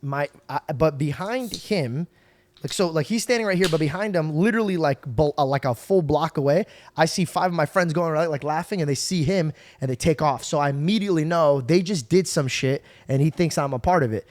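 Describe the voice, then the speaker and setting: A young man hosting a podcast, telling stories in a casual, animated way. He swears and acts out the people in his stories. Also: fairly high pitch, a little fast. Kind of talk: casual storytelling chat.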